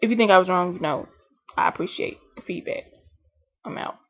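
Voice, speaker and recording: A woman vlogging a comedic rant, animated and indignant. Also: lowish voice, a little fast, muffled recording. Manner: animated, indignant, acts out scenarios in voices.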